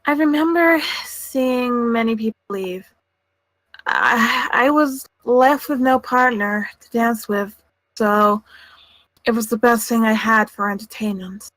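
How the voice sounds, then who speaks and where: A nervous woman witness testifies in a tabletop game, her words halting and drawn out slowly. A woman acts her out with a slightly high voice. The sound is dry and close. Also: fairly bright tone, no room sound, rough recording. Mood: hesitant. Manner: hesitant, halting. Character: timid adult woman witness on the stand.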